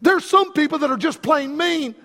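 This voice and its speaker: High-voiced preacher in a reverberant hall. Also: male voice, expressive, moderate pace, creaky, sharp tone. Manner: folksy storytelling preacher, calls out to the congregation. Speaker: pastor. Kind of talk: sermon.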